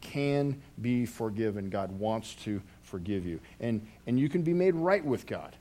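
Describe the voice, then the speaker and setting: A man's voice: on the low side, lively intonation, a little slow, warm tone. A man preaching a sermon as a pastor, telling a story earnestly and often restarting his phrases.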